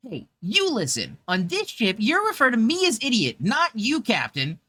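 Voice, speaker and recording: A man putting on a bubbly, high-pitched young woman's voice, talking slowly and drawn out. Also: huge pitch swings, sharp tone, dry recording, exaggerated voice. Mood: mock-stern.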